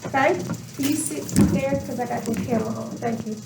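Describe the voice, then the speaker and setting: This math teacher's voice is a little high and fairly quick, with vocal fry and some background noise. She questions the class and elongates words to stress them. The recording comes from a camera on the far side of a reverberant classroom.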